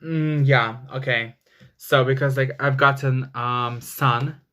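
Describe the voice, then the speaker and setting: A man's voice: mid-range voice, steady tone, slow pace, pushed and bright. A man giving a casual tarot reading, rambling with many fillers and flaring into angry swearing. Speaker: tarot reader.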